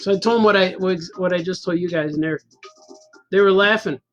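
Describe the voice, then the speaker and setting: A man's voice: high-pitched, a little fast, fairly bright tone, dull audio, faint music behind. Rambling, chuckling man in his fifties. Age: 50s. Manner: rambling, chuckling, self-mocking. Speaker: cartoonist hosting a stream. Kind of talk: casual storytelling chat.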